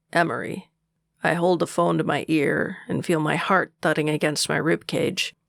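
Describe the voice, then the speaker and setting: A man narrating a romance audiobook in the first person, with a steady, unhurried delivery and a gravelly voice. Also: fairly high pitch, no echo, clean studio sound.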